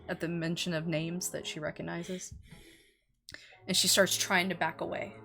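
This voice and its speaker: A woman narrating a tabletop role-playing game as game master, in slow, measured storytelling. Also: fairly low pitch, a bit bright.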